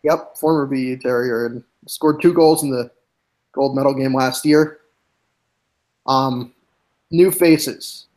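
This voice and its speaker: A man on a hockey podcast, reading through a team roster name by name in a measured, steady way. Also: mid-range voice. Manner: reads lists of names in a measured, steady way. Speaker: guest hockey analyst.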